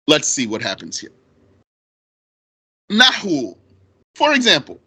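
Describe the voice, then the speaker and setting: A man teaching Arabic grammar in at a very unhurried pace, his voice bright and a little high. He repeats each term and asks rhetorical questions as he walks through a verse. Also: huge pitch swings, husky. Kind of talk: explaining grammar on a recorded lesson.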